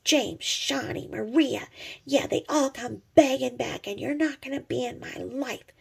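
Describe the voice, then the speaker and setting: A woman mimicking an angry, defensive woman streamer with a shrill, indignant voice. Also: unhurried, gravelly, husky, full character voice. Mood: indignant ranting.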